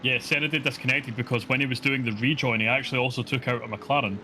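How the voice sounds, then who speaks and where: A Scottish man co-commentating a sim race, chatty and joking, filling pauses with ums and yeahs. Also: mid-range voice, steady tone. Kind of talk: live esports race commentary.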